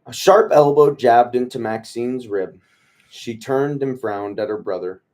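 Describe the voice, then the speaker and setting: A man reading a novel aloud to his book club in a relaxed way, stumbling over words, rereading lines and tossing in joking asides. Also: mid-range voice, measured pace. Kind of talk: casual read-aloud of a novel.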